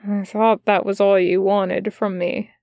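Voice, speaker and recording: Crowley, a woman reading a quiet, guarded demon. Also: level tone, unhurried, no echo, muffled recording, lightly acted. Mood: hurt, guarded. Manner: low, quiet, hesitant. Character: wary male demon, hurt and guarded.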